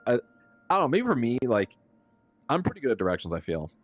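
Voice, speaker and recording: A man's voice: mid-range voice, huge pitch swings, fast, husky, faint music behind. A young adult man, a live streamer, telling a story casually and with animation, laughing often and using lots of fillers.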